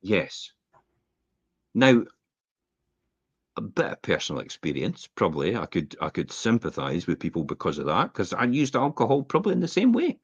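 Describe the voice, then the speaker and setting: A man co-hosting a casual podcast chat, talking in an emphatic, animated coaching manner. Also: on the low side, normal speed, long pauses, breathy edge, no room sound, dull audio. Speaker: co-host.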